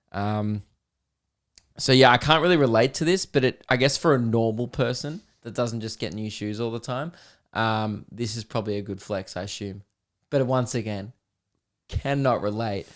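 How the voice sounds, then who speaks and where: Joking Australian man hosting a podcast. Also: fairly low pitch. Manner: joking, sarcastic, reads listener messages aloud. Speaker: podcast host. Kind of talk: casual comedy podcast chat.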